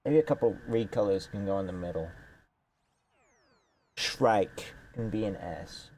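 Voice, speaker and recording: A man's voice: lowish voice, a little slow, darkish tone, slight background noise. A young man with a congested nose, rambling sarcastically in casual gaming commentary. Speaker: streamer.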